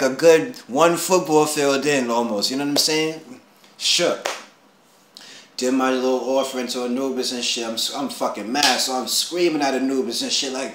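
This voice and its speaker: A man telling a personal story in casual street slang, animated, dropping low and then rising to excited shouts. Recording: roomy echo, faint background hum.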